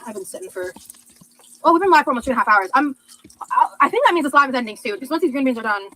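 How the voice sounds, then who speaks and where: A woman's voice: fairly high pitch, bright, forceful tone, poor audio. A young adult woman chatting casually on a livestream, gushing over viewers' comments with lots of fillers. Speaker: livestreamer reading chat. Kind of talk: casual livestream chat while cooking.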